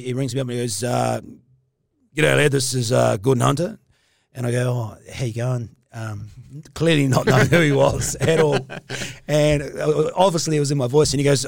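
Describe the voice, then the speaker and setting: A man talks through his rugby years in a casual interview, his voice sitting in an ordinary middle pitch. He rambles, stops and restarts, and leans on fillers. The sound is dry and close, with no room around it. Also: no room sound. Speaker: former rugby player, guest.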